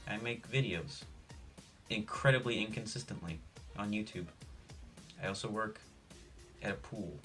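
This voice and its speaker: A young man giving a jokey, rambling sports preview, deadpan with self-mocking asides. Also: fairly low pitch, a little slow, long pauses, faint music behind. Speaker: sports vlogger.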